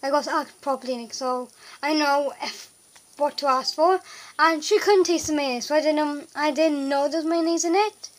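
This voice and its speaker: A woman's voice: high voice, normal speed, low-quality recording. A young woman, chatting in a rambling, flustered vlog with lots of filler words. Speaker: vlogger. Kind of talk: casual vlog chat.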